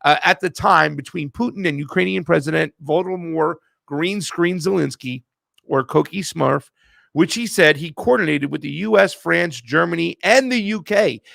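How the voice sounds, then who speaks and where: A man's voice: fairly high pitch, normal speed, gravelly, fairly bright tone, no room sound. A man hosting casual political commentary, slangy and mocking, often laughing and calling his viewers fam. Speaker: host.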